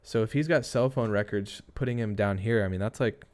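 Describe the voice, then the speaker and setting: A man's voice: on the low side, brisk, darkish tone. A young man hosting a casual true-crime livestream, thinking aloud and rambling with restarts while reading chat. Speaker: livestream host.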